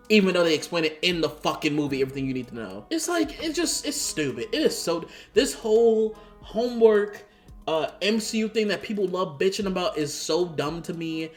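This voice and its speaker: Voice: mid-range voice, lively intonation, quick pace. A vlogger giving ranting commentary, exasperated and profane, firing off rhetorical questions. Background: faint background music.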